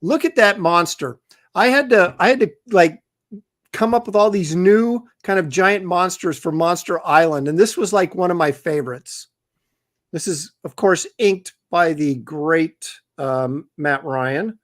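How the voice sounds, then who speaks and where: Chatty middle-aged man, fairly high voice. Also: measured pace. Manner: relaxed, chatty, reads viewer comments aloud. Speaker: comic artist and show co-host. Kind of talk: casual livestream chat.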